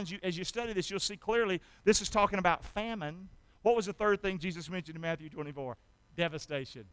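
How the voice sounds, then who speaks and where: A man's voice: high voice, fast talker, fairly bright tone, smooth, no echo. A man preaching a sermon as pastor, emphatic, asking the congregation questions and answering them himself, with scripture read aloud. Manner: reads scripture aloud dramatically.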